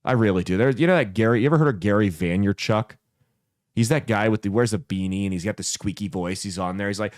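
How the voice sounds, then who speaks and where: A man's voice: lowish voice, fast, dry recording, studio quality. A man hosting a comedic commentary podcast, ranting bluntly and sarcastically with lots of profanity. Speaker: podcast host.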